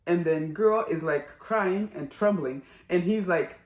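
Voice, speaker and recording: A woman's voice: fairly low pitch, measured pace, few pauses, darkish tone, roomy sound. A woman reviewing a TV drama in a casual vlog, chatty and exclamatory.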